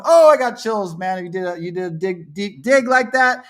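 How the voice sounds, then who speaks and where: A man hosting a livestream, commenting on shared images and swinging between low muttering and angry yelling, with a lot of swearing. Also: expressive, normal speed. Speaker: livestream co-host.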